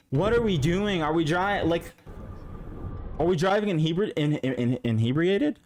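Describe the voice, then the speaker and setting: A man's voice: high voice, lively intonation, normal speed. A man reacting to dashcam clips for his stream, casual and profane, scolding the drivers on screen. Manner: profane, exasperated, talks straight to the drivers.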